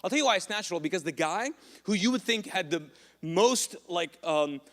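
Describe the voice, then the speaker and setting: A man's voice: high-pitched, lively intonation, a little fast, fairly bright tone, long reverb tail. A man preaching a sermon as a pastor, casual and joking with lots of asides. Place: church auditorium.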